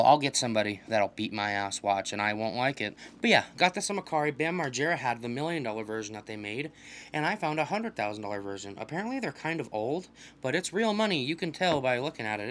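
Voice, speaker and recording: A young man giving casual commentary while playing a video game, swearing often and trash-talking opponents in an excitable way. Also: medium pitch, a little hiss or hum. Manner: profane, excitable trash talk. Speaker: gaming channel host.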